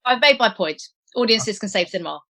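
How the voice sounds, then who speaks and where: A woman's voice: mid-range voice, lively intonation, fast talker, sharp tone. A woman film critic speaking as a podcast guest, earnest and emphatic. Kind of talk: casual chat.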